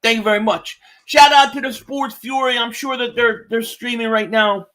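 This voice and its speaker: Male live-stream host, high bright voice, loose excitable play-by-play and chat. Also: moderate pace. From Philadelphia area. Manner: loose and excitable, swearing, reading chat aloud. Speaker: streamer reacting to a football game. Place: home, indoors.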